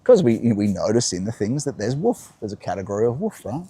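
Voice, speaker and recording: A man's voice: lowish voice, big pitch swings, fast talker, warm tone, slightly rough. A man hosting a live-streamed talk while walking outdoors, musing and answering his own questions. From Australia. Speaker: host. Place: outdoors by the coast.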